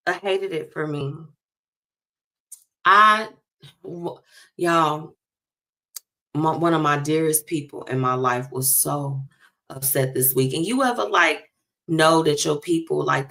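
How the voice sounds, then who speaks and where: A woman hosting a radio talk show, chatting in a lively, casual way and speaking straight to her listeners. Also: on the low side, measured pace. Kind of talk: casual chat segment.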